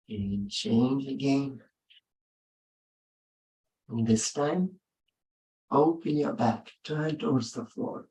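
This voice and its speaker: A man leading a yoga class, giving gentle, unhurried spoken cues with long pauses between them. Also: medium pitch, far from the mic. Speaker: yoga instructor. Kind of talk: guided yoga instruction. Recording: roomy sound from off-mic.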